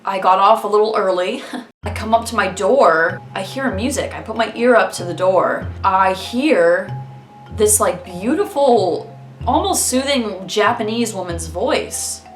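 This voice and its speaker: A young woman telling a comic story about her roommate in a halting, flat way, with bursts of mock outrage. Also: mid-range voice. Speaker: comedic storyteller. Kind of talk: deadpan comedic storytelling. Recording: roomy echo with faint music.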